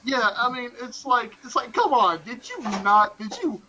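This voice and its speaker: Man with a high, bright, lively voice. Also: normal speed, dull audio, a little hiss or hum. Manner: animated, crude, jokey storytelling. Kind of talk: casual chat.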